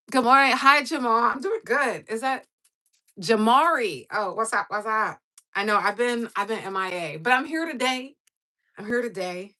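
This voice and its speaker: Casual livestream host: a woman with a bright, sharp voice who rambles and fills her talk with "like" and "um". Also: on the high side. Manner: rambling, with many fillers; chats with viewers while doing her nails.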